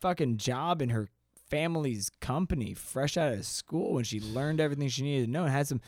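A man's voice: mid-range voice, expressive, brisk, darkish tone, dry recording. Sarcastic man on a dry close mic. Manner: sarcastic, swears freely, slips into mock voices. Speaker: podcast co-host. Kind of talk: casual podcast banter.

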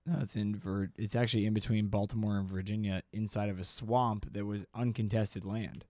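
A man's voice: lowish voice, fairly even intonation, brisk, a little mellow, no room sound, studio quality. A man co-hosting a podcast, chatting casually with sarcastic jokes and frequent swearing. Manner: sarcastic, swears freely, slips into mock voices. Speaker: podcast co-host.

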